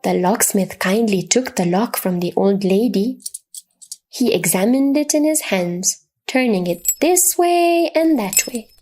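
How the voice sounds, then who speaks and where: A woman narrating a religious children's story in a slow, expressive, reverent manner. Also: mid-range voice, faint music behind.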